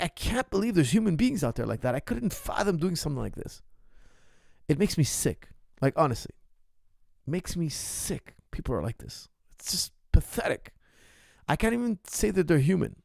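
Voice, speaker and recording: Male podcast host, passionate rant, gravelly tone, dry close sound. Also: on the high side, big pitch swings, moderate pace, darkish tone, dry recording. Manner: heated, indignant, emphatic. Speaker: MMA coach and podcast host.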